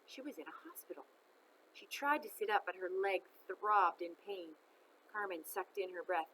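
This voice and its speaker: A woman reads a children's novel aloud with expressive storytelling, pausing to chat with her listeners. Her voice is bright and crisp, with faint noise in the background. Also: medium pitch, low-quality recording. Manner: expressive, chats to listeners between chapters.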